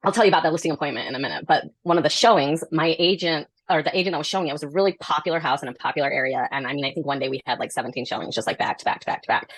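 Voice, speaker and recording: A woman's voice: low-pitched, rapid-fire, hardly any pauses, no room sound. A woman, a real estate agent, telling stories in casual chat and acting out the people she quotes. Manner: animated storyteller, acts out quotes.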